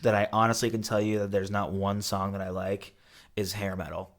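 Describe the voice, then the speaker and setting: Young adult man, slightly low voice, profane, teasing co-host. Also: flat delivery. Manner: profane, mocking, quick to laugh. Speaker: podcast co-host. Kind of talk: casual chat.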